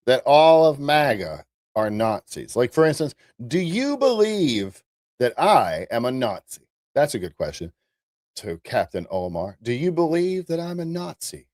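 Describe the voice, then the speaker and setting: A man hosting a live-stream commentary show, talking straight to his viewers in an animated way. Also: mid-range voice, a little slow, no room sound, clean studio sound. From United States. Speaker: host.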